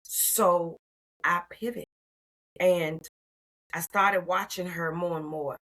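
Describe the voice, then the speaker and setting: A woman in her sixties telling her story as an interview guest, expressive and calling the listener "honey.". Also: lowish voice, slow pace, rough recording. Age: 60s. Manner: expressive, warm endearments like "honey". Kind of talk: animated personal storytelling.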